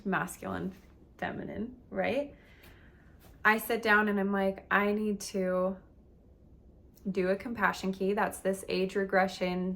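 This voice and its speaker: A woman's voice: medium pitch, creaky, a bit bright. A woman coach telling a personal story in a candid, emotional, casual way, with lots of filler words. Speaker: relationship and meditation coach.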